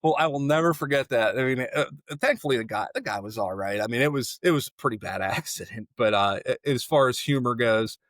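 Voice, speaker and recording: A man who is a paramedic, guesting on a podcast and telling a story in a casual, animated way, with plenty of "like". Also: medium pitch, brisk, hardly any pauses, no echo, studio quality. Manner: animated, filler-heavy, lots of "like".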